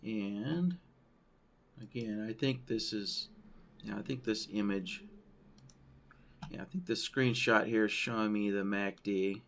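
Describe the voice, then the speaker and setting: Slow, gravelly-voiced man teaching software. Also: on the low side, slight background noise. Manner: loose, thinking aloud, frequent "right?" tags. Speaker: software trainer. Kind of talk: screen-share tutorial walkthrough.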